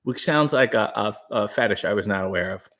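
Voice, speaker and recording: Hushed, breathy man riffing on a livestream. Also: on the low side, animated, a little fast. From Canada. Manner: breathy, hushed, rambling and joking. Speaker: livestream host reading chat. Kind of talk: casual live chat. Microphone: new studio microphone.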